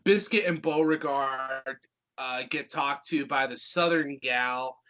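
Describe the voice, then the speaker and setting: A man's voice: mid-range voice, slow pace, sharp tone. A young man co-hosting a casual review chat, joking and rambling, with crude asides. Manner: joking, rambling, profane, drops into put-on voices. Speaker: podcast co-host.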